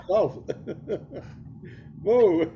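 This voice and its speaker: A man's voice: sits high, very slow, a little hiss or hum. A middle-aged man co-hosting a podcast over a video call, telling rambling jokey stories in casual chat. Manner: joking, rambling storyteller. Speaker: podcast co-host. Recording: dull lo-fi call audio.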